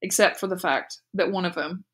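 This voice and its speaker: A woman teacher reading a novel aloud in steady, clear storytelling narration. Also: on the low side, fairly quick. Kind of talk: audiobook read-aloud narration.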